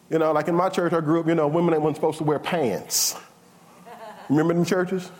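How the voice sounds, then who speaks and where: A pastor preaching a sermon in a conversational style, building from calm to loud, high and fired up. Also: male voice, a little fast. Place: church sanctuary. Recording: long hall reverb.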